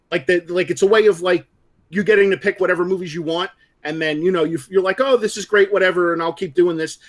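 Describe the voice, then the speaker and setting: A man co-hosting a casual live show, talking bluntly and animatedly and swearing freely. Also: fairly high pitch. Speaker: podcast co-host. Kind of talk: casual livestream chat.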